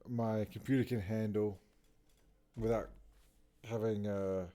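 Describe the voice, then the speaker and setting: A man's voice: fairly low pitch, fairly even intonation, takes it slowly, mellow. A man streaming as he draws, tired and yawning, talking to himself in a casual muttering way. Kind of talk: casual talk while drawing.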